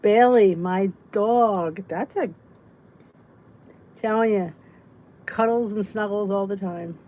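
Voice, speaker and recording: A middle-aged woman hosting a casual weight loss support chat, joking and yawning, with soft whispered asides, and a faint hiss under her voice. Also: medium pitch, takes it slowly, poor audio. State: sleepy, yawning. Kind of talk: casual live chat reading viewer comments.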